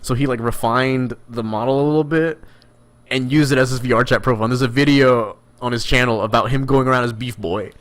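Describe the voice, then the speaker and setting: A man's voice: mid-range voice, brisk. A man co-hosting a casual podcast, telling stories and acting out quoted lines with bursts of laughter. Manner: animated storyteller, acts out quotes, laughs a lot. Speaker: podcast co-host. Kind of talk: casual chat.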